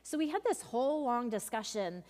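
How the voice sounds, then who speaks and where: A woman's voice: on the high side, very animated, normal speed, darkish tone. Chatty youth leader woman in a reverberant hall. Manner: chatty, frequent ums and asides. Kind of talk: workshop talk with personal stories. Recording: long reverb of a large room.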